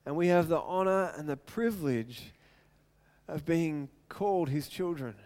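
High-voiced man preaching a sermon. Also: unhurried, darkish tone. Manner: earnest, storytelling with acted quotes. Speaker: pastor.

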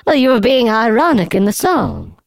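A woman playing a baffled, politely deadpan intruder in an improvised comedy commercial. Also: on the high side, normal speed, creaky, no echo, full character voice. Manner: deadpan, repetitive questioning.

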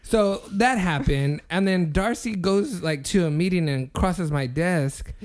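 A man's voice: high-pitched, measured pace, a loud crowd. A man co-hosting a casual podcast, telling a workplace story with lots of swearing and acted-out quotes. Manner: animated, swearing, acts out quotes. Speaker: podcast co-host.

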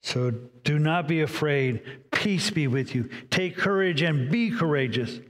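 A man preaching a sermon, reading scripture aloud and voicing inner dialogue with dramatic pauses. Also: on the high side, in a large hall. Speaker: pastor.

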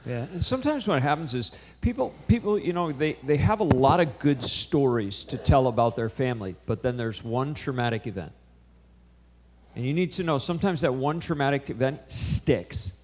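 A man's voice: mid-range voice, lively intonation, moderate pace, slight background noise. Chatty middle-aged man sharing anecdotes. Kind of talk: casual conversational talk.

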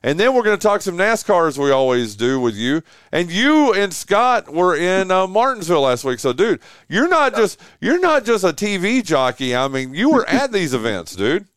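A man's voice: high voice, moderate pace, few pauses, clear, resonant tone, dry recording, studio quality. A man hosting a sports radio show from his home man cave, chatting casually and joking with a guest. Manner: animated, joking, lots of fillers and restarts.

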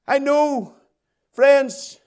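Fervent high-pitched Northern Irish preacher. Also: male voice, extremely slow, a little mellow. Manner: fervent, rhythmic repetition building in intensity. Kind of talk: evangelistic sermon.

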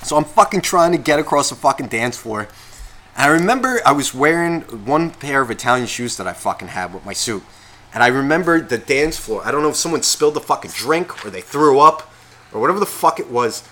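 A man's voice: medium pitch, brisk. A man casually telling a long story on a podcast, swearing constantly and acting out what everyone said. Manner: profane, animated, acts out quotes. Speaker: podcast co-host.

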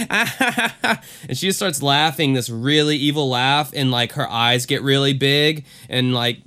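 A man's voice: mid-range voice, unhurried, pushed and bright. A man co-hosting a podcast in casual chat, rambling with lots of "like" and fillers. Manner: rambling, filler-heavy, often says "like". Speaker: podcast co-host. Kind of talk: casual chat recapping a TV episode.

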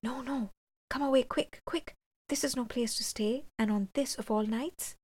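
A woman's voice: mid-range voice, unhurried, creaky, a little mellow. A woman voicing a terrified, superstitious male soldier in an audiobook, speaking urgently and fearfully. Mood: frightened.

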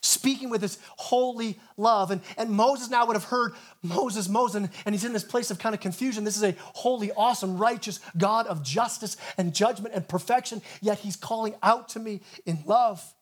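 A man's voice: high-pitched, moderate pace, few pauses. A man preaching a sermon as pastor in a church, earnest and often repeating words at the start of phrases.

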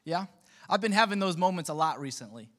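This pastor, in his thirties, speaks fast in a voice that sits high. His sermon is relaxed and chatty, full of humorous asides directed at his congregation.

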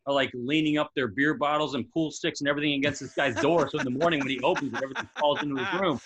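A man in his forties, a former military instructor, chatting casually and telling stories with lively acted-out quotes. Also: a little high, rapid-fire, crowd noise, low-quality recording. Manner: animated storyteller who acts out quotes. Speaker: podcast guest, former Navy SEAL instructor. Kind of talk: casual chat.

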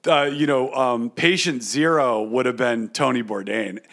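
A man's voice: mid-range voice, unhurried, a bit bright. A man co-hosting a podcast, chatting casually in a joking, profane way and laughing often. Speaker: podcast co-host. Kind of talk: casual comedic chat.

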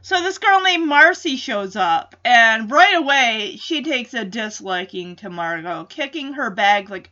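A woman's voice: on the high side, sing-song, moderate pace, few pauses, bright, forceful tone, lo-fi sound. A woman casually recapping a TV episode in a chatty way, with frequent laughs and filler words.

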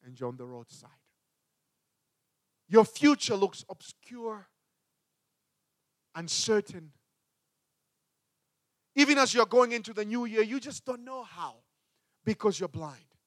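A man preaching a sermon as a pastor, with emphatic delivery that swings between loud and hushed. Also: high-pitched, big pitch swings, slow, long pauses, no room sound, clean studio sound.

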